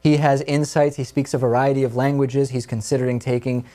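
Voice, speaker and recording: A man's voice: medium pitch, level tone, a little fast, warm tone. A man hosting a talk radio show, leading casual discussion with his co-hosts in a conversational way.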